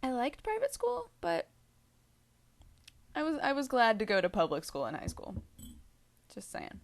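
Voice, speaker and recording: A woman's voice: medium pitch, big pitch swings, measured pace, gravelly. Giggly rambling young woman vlogger. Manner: rambling, giggly, many fillers and asides. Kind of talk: casual storytime vlog.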